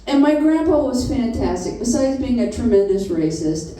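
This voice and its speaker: High-voiced woman in her 50s doing blunt crude standup, heard from far back in a super echoey room. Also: very animated, moderate pace. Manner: blunt, profane storytelling. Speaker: stand-up comedian. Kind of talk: stand-up comedy set. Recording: echoey room picked up from afar.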